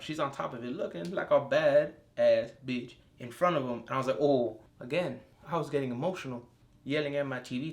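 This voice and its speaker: Excitable, foul-mouthed young man reviewing TV. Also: medium pitch. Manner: excitable and profane, with outbursts of enthusiasm. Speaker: TV show reviewer. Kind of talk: casual solo review.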